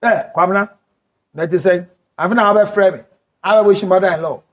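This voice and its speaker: Loud Ghanaian counselor, teasing and animated. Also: male voice, high-pitched, normal speed. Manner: loud, teasing, breaks into shouts and acted quotes. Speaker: counselor and show host. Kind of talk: animated advice talk mixing English and Twi. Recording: dull lo-fi recording.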